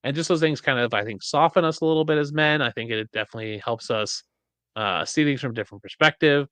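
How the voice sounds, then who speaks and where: A man in his thirties co-hosting a podcast, chatting casually and acting out quoted lines in an animated way. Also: quick pace, clear, resonant tone, dry recording. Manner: animated storyteller, acts out quotes in high voices. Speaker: podcast co-host. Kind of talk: casual chat.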